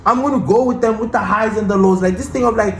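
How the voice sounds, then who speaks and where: A man's voice: high voice, fast, reverberant, a little hiss or hum, rough recording. A man hosting a football fan channel, ranting passionately and defiantly about his team in casual commentary.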